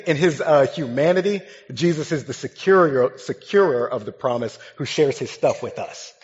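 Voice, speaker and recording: A young man, a pastor, gives a sermon built on a funny childhood story, talking in a relaxed, conversational way. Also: medium pitch. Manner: humorous, conversational, lively storytelling. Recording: dull sound with long hall reverb.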